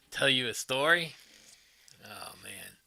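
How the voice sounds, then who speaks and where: Bright, dry-sounding man telling stories. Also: medium pitch, gravelly, dry recording. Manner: chuckles often, swears casually. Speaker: livestream host. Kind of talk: casual rambling storytelling.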